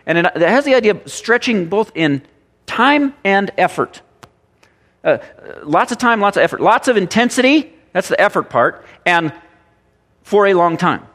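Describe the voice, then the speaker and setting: A man pastor preaching a sermon, animated and full of rhetorical questions and repeated phrases. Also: sits high, moderate pace, in a large hall.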